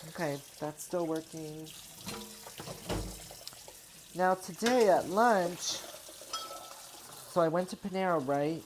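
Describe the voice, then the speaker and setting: A woman in her twenties talks casually into her own microphone as she cleans up her kitchen. Her voice sits low, and she rambles along with plenty of filler words. Faint running water and kitchen sounds murmur in the background. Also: slow pace, long pauses, background noise. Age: 20s. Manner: rambling, chatty, many "like" and "you know" fillers. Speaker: vlogger. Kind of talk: casual chat while doing chores. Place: home kitchen. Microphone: own microphone near the sink.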